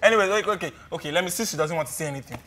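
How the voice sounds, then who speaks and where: A man's voice: on the high side, racing, fairly bright tone, a little hiss or hum. A man co-hosting an entertainment news show in casual banter, playfully teasing his co-host.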